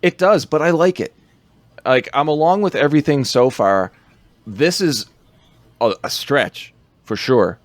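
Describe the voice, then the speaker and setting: A man's voice: medium pitch, animated, unhurried, pauses often, no echo. A man co-hosting a podcast, rambling through a film recap in casual chat, laughing often.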